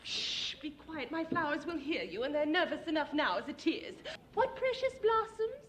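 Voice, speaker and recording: A woman's voice: sits high, very animated, moderate pace. An actress playing a dotty, genteel English mother who dotes on her flowers, in a 1970s TV sketch, talking sweetly and serenely, never ruffled. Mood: doting. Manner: sweetly serene, chirpy and unflappable. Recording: clip played over a laughing studio audience with loud background noise. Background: studio audience laughter.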